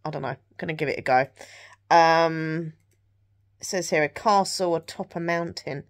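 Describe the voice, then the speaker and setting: A chatty woman from England vlogs at home in the evening, her voice sitting a little low for a woman. She carries a Southern English accent and rambles loosely, with plenty of ums and likes. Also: normal speed. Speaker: vlogger. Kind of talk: casual chat to camera.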